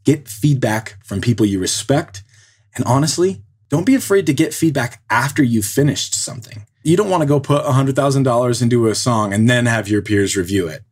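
A man's voice: mid-range voice, fairly quick, a little mellow, husky. A man co-hosting a podcast, giving earnest, motivational advice and building his points step by step. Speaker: podcast co-host.

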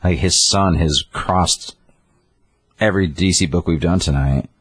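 A man's voice: low-pitched, unhurried, breathy edge, no room sound. A man retelling comic book scenes in casual chat, acting out the characters as he goes. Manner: animated storytelling, acting out characters. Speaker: comic book podcast co-host.

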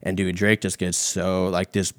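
A man with a very low voice spins a long, crude story in loose casual talk. He swears freely and keeps circling back with fillers. The sound is close and dry, with no room echo. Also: little pitch movement, moderate pace. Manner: rambling, profane, filler-heavy.

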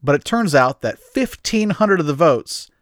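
A man's voice: a little high, expressive, a little slow, dry recording. A man co-hosting a comedy podcast, reading the news with a dry, wry delivery. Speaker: podcast co-host. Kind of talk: casual comedic chat.

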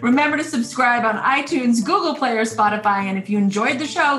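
A woman's voice: on the high side, fairly quick, hardly any pauses, fairly bright tone, roomy sound, recorded from a distance, faint music behind. A woman hosting a podcast interview, gushing and effusive as she thanks her guest. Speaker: podcast host. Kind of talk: warm interview chat.

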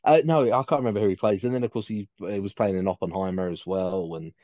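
A man with a fairly low voice talks his way around a point, full of restarts and fillers. The recording is dry and a little dull. The chat stays casual and unscripted. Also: fast, no room sound. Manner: rambling, many restarts and fillers. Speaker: podcast co-host.

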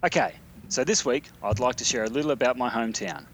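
A man's voice: medium pitch, animated, fast, slight background noise. Australian man telling a ghost story. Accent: South Australian. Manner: casual, dry asides. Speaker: listener sending a recorded story. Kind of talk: reading a written story aloud.

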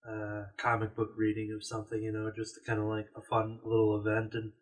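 A man's voice: lowish voice, completely flat delivery, fairly quick. A man co-hosting a casual podcast from a store, rambling with lots of fillers. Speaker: podcast co-host. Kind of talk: casual chat. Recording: distant from the mic.

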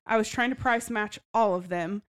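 A woman's voice: medium pitch, normal speed, smooth. A woman co-hosting a book podcast, chatting casually and telling stories with easy laughs. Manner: chatty, storytelling, laughs often. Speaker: podcast co-host. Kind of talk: casual book-club chat.

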